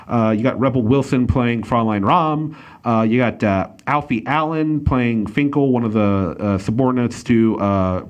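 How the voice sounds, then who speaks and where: A man hosting a casual talk show, reviewing a film with lots of fillers and restarts. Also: medium pitch. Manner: rambling, many fillers and restarts, laughs easily. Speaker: podcast host reviewing a film. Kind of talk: casual chat.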